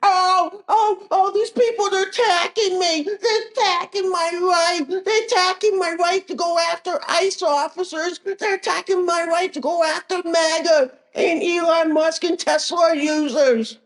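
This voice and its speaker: A man mockingly voicing a whiny, crying protester in a high, whimpering whine. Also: steady tone, unhurried, hardly any pauses, fairly bright tone, exaggerated voice. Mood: whining.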